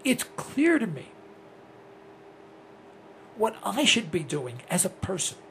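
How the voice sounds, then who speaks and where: Man in his sixties, talk host, gravelly voice, lively swooping pitch, blunt and opinionated. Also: takes it slowly, a little hiss or hum. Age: 60s. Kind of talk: talk radio monologue.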